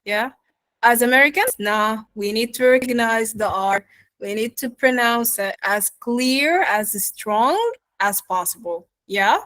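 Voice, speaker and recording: A woman teaching pronunciation in an online lesson, modeling words slowly and checking in with her students. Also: a little high, fairly bright tone, dry recording, rough recording. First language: Arabic. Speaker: accent teacher.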